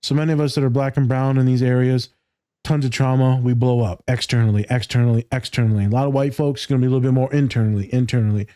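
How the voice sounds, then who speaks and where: A man's voice: mid-range voice, fairly even intonation, quick pace, warm tone. A man hosting a casual podcast chat, talking about his clients bluntly and profanely with plenty of laughter. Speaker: podcast host, therapist.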